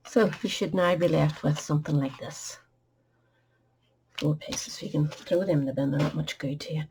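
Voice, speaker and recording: Casting: woman craft host, low gravelly voice, chatty step-by-step teaching, faint background hiss. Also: normal speed. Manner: chatty, instructive, drops to a murmur at times.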